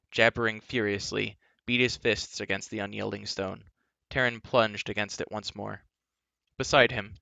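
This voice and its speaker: Gravelly man reading a storybook aloud. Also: lowish voice, bright, forceful tone, dry recording. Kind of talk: reading a children's novel aloud. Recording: dull, dry lo-fi recording.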